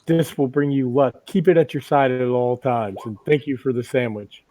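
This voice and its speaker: A man voicing a courteous, formal male cleric who speaks slowly and graciously in a tabletop game. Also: medium pitch, fairly even intonation, mellow, no echo, lightly acted. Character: courteous male priest adventurer, formal and kindly.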